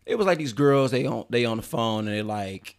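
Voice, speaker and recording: A man's voice: medium pitch, expressive, a little fast. A young man co-hosting a podcast, chatting in a laid-back, rambling way and laughing often. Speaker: podcast co-host. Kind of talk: casual chat.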